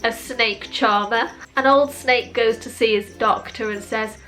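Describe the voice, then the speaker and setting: Woman reading puns in dry deadpan. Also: fairly high pitch, soft background music. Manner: dry, slow deadpan punchlines with wry self-commentary. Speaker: joke video creator.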